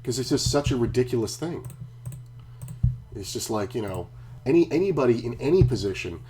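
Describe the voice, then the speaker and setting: A man's voice: medium pitch, lively intonation, fairly quick, dark tone, a little hiss or hum. A middle-aged man streaming poker from home, chatting casually and ranting with heavy swearing. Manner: profane, ranting storyteller. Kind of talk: casual live-stream chat.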